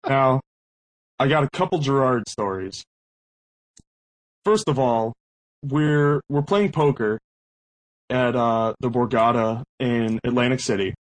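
Slow and full of pauses, this young podcast host speaks in a mid-range voice over poor audio. He tells a casual story in a rambling way, with heavy use of "like" and many restarts.

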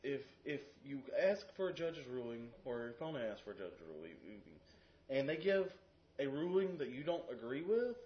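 A man's voice: mid-range voice, very animated, moderate pace. A man on a casual podcast who works as a card game judge, telling stories and explaining the rules. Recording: dull lo-fi audio.

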